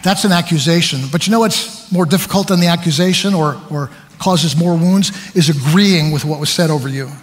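A man preaching a sermon, telling stories about himself with animated, self-deprecating humor. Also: a little high, fairly quick, hardly any pauses, in a large hall, a little hiss or hum.

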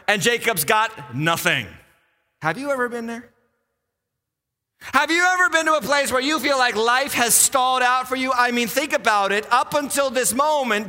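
Lively and animated, a pastor from western Massachusetts preaches a sermon in a high, bright voice, playing each character as he tells the story. His words ring with the long reverb of a large church sanctuary.

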